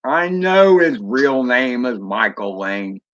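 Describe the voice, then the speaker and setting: A man's voice: medium pitch, sing-song, slow, fairly bright tone, highs cut off. A man chatting casually on a drone hobby live stream, rambling and answering viewers as he goes. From Florida. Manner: rambling, chatty, reads chat aloud.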